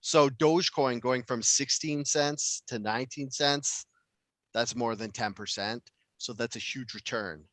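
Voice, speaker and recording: A man's voice: mid-range voice, measured pace, a bit bright, no room sound. A man co-hosting a podcast, rambling casually and swearing often in loose conversation. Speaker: podcast co-host.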